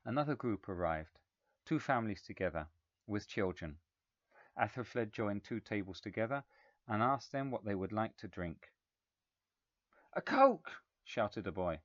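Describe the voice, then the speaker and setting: A man narrating a story in a measured, even reading voice. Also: lowish voice, dry recording. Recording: slightly dull, dry recording.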